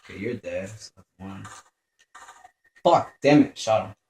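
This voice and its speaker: A man's voice: on the low side, expressive, a little slow, a little mellow. A young man commenting on his gameplay as he plays, swearing a lot, tensing up and muttering to himself. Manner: profane, jumpy, mutters to himself. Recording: echoey room, faint background noise.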